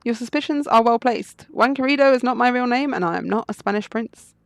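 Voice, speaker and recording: A woman's voice: a little high, brisk, no echo, clean studio sound, pitched above the performer's own voice, natural voice. A woman voicing a suave male fox fugitive who speaks in a poised, riddling storyteller manner. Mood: cryptic.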